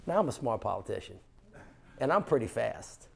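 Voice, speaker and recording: Gravelly middle-aged man telling a story. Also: medium pitch, moderate pace. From New Orleans. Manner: animated storyteller who acts out dialogue. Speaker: former mayor. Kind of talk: storytelling on stage. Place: stage conversation at an indoor fundraiser.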